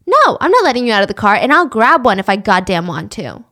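A woman's voice: on the high side, sing-song, quick pace, bright, forceful tone, exaggerated voice. A woman acting out a crude, pushy young man in a true-crime retelling, brash and insistent.

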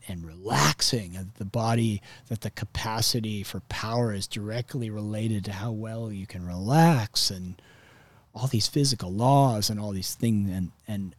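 A surfer telling a story in a rambling, casual way, cutting himself off mid-sentence and swearing now and then. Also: male voice, lowish voice, no room sound.

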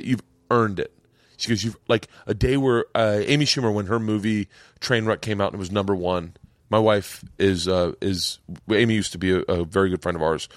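A man's voice: lowish voice, dry recording, studio quality. A man hosting a podcast, telling a story in a rambling, heartfelt way with lots of restarts. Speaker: podcast host. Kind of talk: casual podcast chat. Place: home studio.

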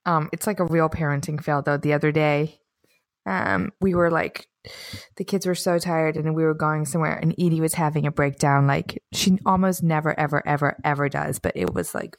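A woman in her thirties with a lowish voice, chatting candidly and mocking herself on a parenting podcast. She pauses often, filling gaps with ums and likes, and sounds dry and close-miked. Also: steady tone, no room sound. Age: 30s. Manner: candid, self-deprecating, many ums and likes. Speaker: podcast co-host. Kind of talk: casual chat.

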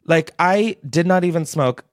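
A man's voice: fairly high pitch, expressive, unhurried, no echo, studio quality. A young man hosting a podcast, telling a casual, gossipy storytime in a chatty way, with lots of "like" throughout. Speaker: podcast host.

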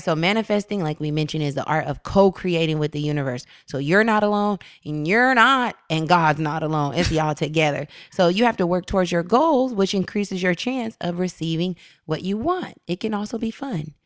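A young woman co-hosting a casual spiritual self-help chat, telling stories in an animated, slangy way. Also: fairly low pitch, normal speed, dry recording, studio quality. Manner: animated storyteller, slangy and laughing. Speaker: podcast co-host.

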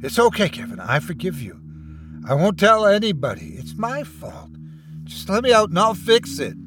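A man's voice: high voice, sing-song, normal speed, over music, voice pushed up. A man voicing a trapped man who pleads desperately to be let out. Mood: pleading. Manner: pleading, rising to frantic screams.

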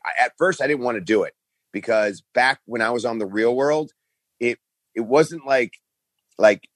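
A middle-aged man talking casually as an interview guest, his voice sitting on the low side. He tells stories with lots of energy and acts out the quotes in other voices. The sound is dry and close. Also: dry recording. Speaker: guest, pro wrestling star.

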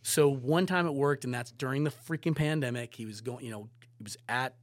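A man telling a rambling anecdote in a dry, close-miked sound. He tells it casually and acts out bits of dialogue. His voice sits at a middling pitch. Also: a little fast, dry recording. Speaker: photographer guest.

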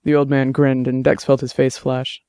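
A man giving measured, scripted audiobook narration. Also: mid-range voice, completely flat delivery, mellow, clear, resonant tone, no room sound, clean studio sound.

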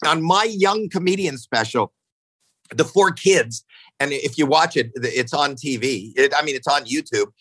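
A man in his sixties telling stories casually on a podcast, animated, jumping into acted-out quotes, swearing freely, often restarting his sentences. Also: measured pace, husky, no room sound, low-quality recording. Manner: animated, acts out quotes with jumps in pitch. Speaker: podcast guest. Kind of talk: casual storytelling chat.

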